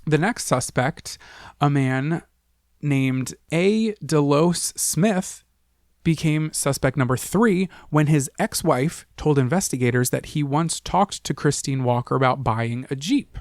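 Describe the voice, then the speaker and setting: A man's voice: on the high side, slow, a little mellow, dry recording, studio quality. Joking, profane podcast co-host man. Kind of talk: casual true-crime podcast chat.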